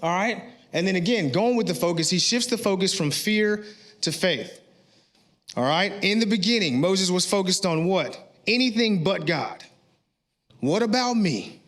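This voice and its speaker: A male pastor preaching a sermon in a church, animated, with rising shouts at his peaks and frequent "all right?" check-ins to the congregation. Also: high-pitched, normal speed. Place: church sanctuary.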